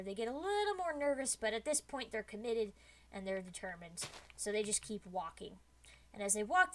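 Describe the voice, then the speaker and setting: A woman streamer telling a spooky story to her chat in a casual, lively way, with many "like" fillers as she builds suspense. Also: mid-range voice.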